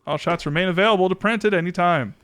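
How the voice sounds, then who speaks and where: A man's voice: high voice, quick pace, fairly bright tone, clear, resonant tone, no echo. A man streaming a game, giving casual, sarcastic commentary full of jokes and muttered asides. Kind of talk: casual let's-play commentary.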